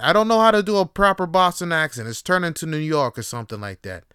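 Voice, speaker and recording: A man hosting his own show, giving a rambling comic monologue full of swearing and deadpan asides. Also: fairly high pitch, quick pace, hardly any pauses, clear, resonant tone, no echo, studio quality. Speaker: podcast host and comedian. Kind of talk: casual comedic monologue.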